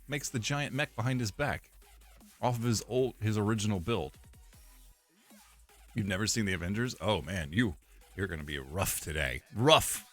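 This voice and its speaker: A man's voice: fairly low pitch, fairly bright tone. A young man streaming live, chatting casually and rambling, repeating himself with fillers and laughs.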